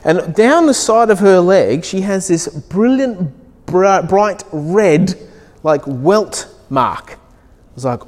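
A middle-aged Australian man preaching a sermon, telling stories with animated acted-out dialogue. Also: sits high, slow pace. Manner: animated storytelling, acts out dialogue. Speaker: pastor. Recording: long hall reverb.

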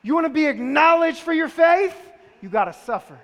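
The recording cuts off the highs and carries the long reverb of a large hall. In it, a man with a very high, expressive voice speaks fairly quickly, delivering a conversational sermon full of rhetorical questions aimed at the listeners.

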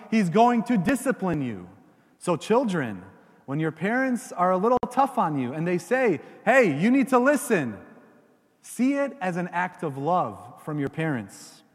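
In a church with a big, roomy sound, a high-pitched male preacher delivers a homily to children and their parents. He is animated and frequently puts questions to the congregation.

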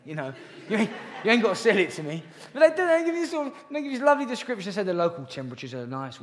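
High-voiced preacher in echoing hall. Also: male voice, big pitch swings, very fast, few pauses. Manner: earnest, chatty, with jokey asides to the congregation. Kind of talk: sermon. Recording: long reverb of a large hall.

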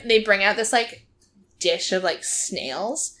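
A woman hosting a podcast, recapping a reality show in an animated, chatty way, laughing often and using lots of fillers. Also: medium pitch, unhurried. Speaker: podcast host.

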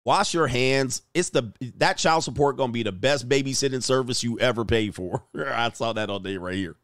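A man's voice: medium pitch, moderate pace, fairly bright tone, no room sound. Man, crude, mocking, blunt, casual stream commentary, dry close sound. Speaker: host of a live stream. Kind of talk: casual live-stream commentary, reading chat.

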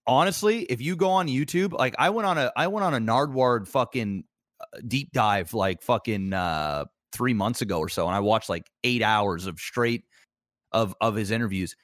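A man co-hosting a casual podcast, telling stories excitedly and swearing often, calling his friend "bro" and "dude". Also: mid-range voice, moderate pace, no room sound, studio quality. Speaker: podcast co-host. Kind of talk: casual chat.

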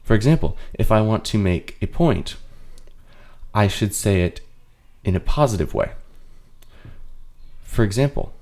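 Man, very deep voice, mellow tone, podcast Bible study host, earnest, explanatory, repeats points. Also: lively intonation, unhurried, pauses often.

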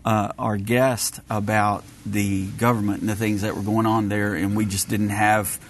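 A man's voice: on the low side, little pitch movement, slight background noise. A man co-hosting a radio talk show, speaking easily with lots of uh fillers. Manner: easygoing, halting with many uh fillers.

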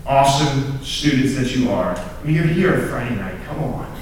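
At a student group meeting, a young man of medium pitch and moderate pace tells a story in his sermon. He is earnest and self-deprecating, laughing at his own stories and restarting words when he gets excited. The audio has slight background noise, recorded from a distance in a very echoey, large room of students.

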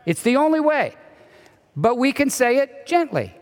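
A man preaching a sermon as pastor, animated, sometimes dropping to a soft hushed voice. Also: very high voice, normal speed. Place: church sanctuary. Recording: long reverb of a large hall.

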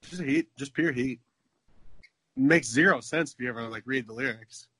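A man's voice: mid-range voice, normal speed, pushed and bright, husky, no room sound. Thirties male co-host, jokey, drifts into silly voices, dry sound. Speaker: podcast co-host. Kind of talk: casual chat.

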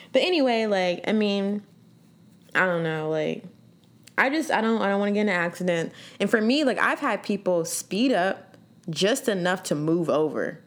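A woman co-hosting a podcast, chatting casually with lots of fillers and laughter. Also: on the low side. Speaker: podcast co-host.

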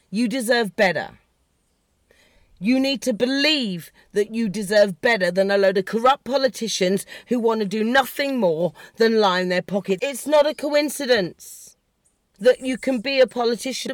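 A woman rants about politics on her podcast. She is shouty, sarcastic and quick to swear. Her voice sits a little high and sounds close and dry, with no room around it. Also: dry recording. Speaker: podcast host. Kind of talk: heated political rant.

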